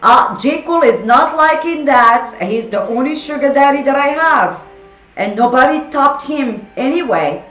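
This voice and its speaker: Speaking at a normal speed in a high, expressive, fairly bright voice, a Frenchwoman in her forties bantering with her live chat teases viewers by name. The sound is roomy and rough, and faint music plays behind her.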